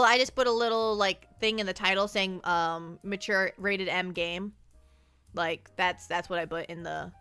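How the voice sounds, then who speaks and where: A woman's voice: fairly high pitch, bright, forceful tone, smooth, no room sound. A woman streamer chatting casually and rambling, often repeating her words as she answers chat. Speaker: livestreamer.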